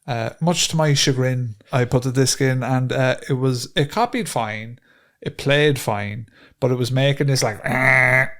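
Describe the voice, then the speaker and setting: A man's voice: medium pitch, moderate pace. An Irish man co-hosting a podcast, telling a profane, ranting story in casual chat. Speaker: podcast co-host.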